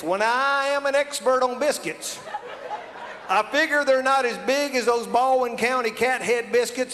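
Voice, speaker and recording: In a noisy, big-room recording, a very high-pitched man from South Alabama with a Southern American accent performs comedy for a live audience. His comic story is folksy and exaggerated, punctuated by bursts of laughter.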